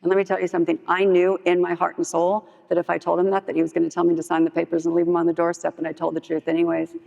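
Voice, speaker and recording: A woman's voice: on the low side, completely flat delivery, rapid-fire, creaky, a little mellow. A woman giving candid personal testimony in a chatty storytelling way at a meeting hall. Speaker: speaker at a recovery meeting. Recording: echoey hall, dull lo-fi sound.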